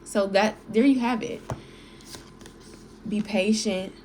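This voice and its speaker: A woman's voice: medium pitch, slow pace, a little mellow, a little hiss or hum. A woman in her twenties giving a casual tarot reading, chatty and playful, talking straight to her viewers. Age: 20s. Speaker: tarot reader.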